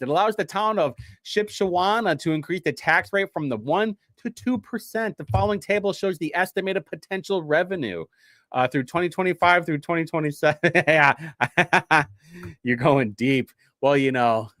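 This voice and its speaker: A man's voice: fairly high pitch, moderate pace, fairly bright tone, dry recording, clean studio sound. A man from hosting a show, reading from documents in a casual, sarcastic, rambling way with frequent self-interruptions. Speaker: show host.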